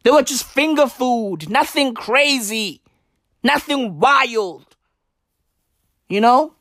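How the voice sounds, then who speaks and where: Sweary ranter, slow and dry. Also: medium pitch, expressive, dry recording. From South Africa. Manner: sweary, slangy, bursts into shouted questions. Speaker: vlogger. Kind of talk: profane comedic rant.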